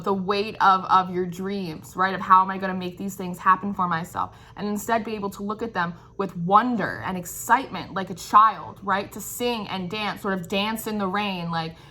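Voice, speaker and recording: A woman's voice: mid-range voice, bright, forceful tone. A woman giving an intuitive tarot reading. She muses and searches for words, often checks in with "right?", and speaks in an encouraging, affirming way. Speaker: tarot reader.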